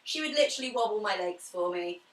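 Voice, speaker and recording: A woman leading a home pilates class, talking through stretches and breathing cues in a calm, chatty way. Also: medium pitch, fast talker, distant mic. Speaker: pilates instructor. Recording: echoey room, away from the mic.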